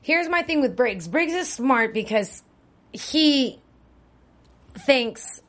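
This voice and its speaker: A woman's voice: high voice, lively intonation, takes it slowly, pauses often, a bit bright. A woman talks through a TV episode in a loose, chatty way. She restarts her sentences as she thinks aloud. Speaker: co-host of a TV recap show. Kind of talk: casual recap chat.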